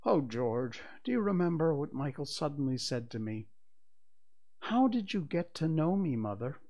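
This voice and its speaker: A man voicing a placid, gentle mother recalling her children with wistful tenderness. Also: on the high side, sing-song, moderate pace, voice pushed up.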